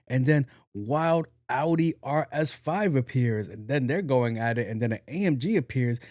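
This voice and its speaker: A young man hosts a podcast and tells a rambling story, lively, swearing freely and joking at his own expense. His voice sits in a middle register and comes through close and dry, with almost no room sound. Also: mid-range voice, brisk, hardly any pauses, no echo. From New York. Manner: animated, profane, self-mocking storyteller. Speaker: podcast host. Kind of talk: casual storytelling monologue.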